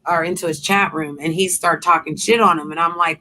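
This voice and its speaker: A woman's voice: fairly low pitch, brisk, sharp tone. A woman host in a casual chat, telling a heated story bluntly with profanity.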